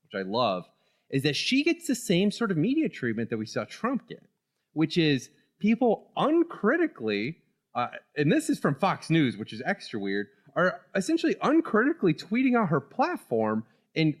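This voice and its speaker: Animated man chatting politics. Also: on the high side, moderate pace. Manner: animated, laughs often. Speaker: podcast co-host. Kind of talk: casual political chat.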